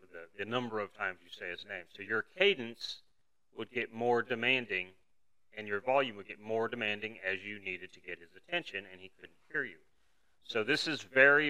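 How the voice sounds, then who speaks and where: A man's voice: on the low side, sharp tone, clear, resonant tone, rough recording. A man hosting a podcast, teaching in a conversational, explanatory way and talking to a camera. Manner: explanatory, conversational, uses everyday analogies. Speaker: podcast host teaching duck calling. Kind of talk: solo instructional podcast talk.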